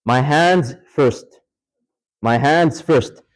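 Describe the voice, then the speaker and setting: Speaking extremely slowly in a mid-range voice, a male religious teacher leads an informal lecture in a mosque hall, and the recording is rough. He asks the class questions, goes over points again, and demonstrates live with brief Arabic phrases and recitations.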